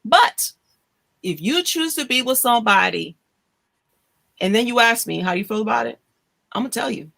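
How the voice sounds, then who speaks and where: A woman's voice: fairly high pitch, moderate pace, creaky, long pauses. A woman hosting a casual podcast chat, telling stories and acting out the voices of people she quotes. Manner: animated storyteller, acts out quoted voices. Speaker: host.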